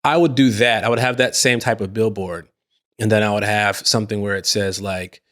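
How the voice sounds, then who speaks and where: A man's voice: fairly low pitch, fairly even intonation, a little fast, a bit bright. A man co-hosting a podcast, telling stories in a loose, laughing way with frequent restarts. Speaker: podcast co-host. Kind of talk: casual chat.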